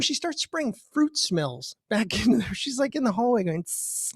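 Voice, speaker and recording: Guy doing a stand-up set over a video call, animated, dry sound no room, goes way up high doing other people's voices. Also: moderate pace, hardly any pauses, slightly rough, dry recording. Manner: animated, jumps up in pitch for quoted voices. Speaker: stand-up comedian. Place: home, virtual show.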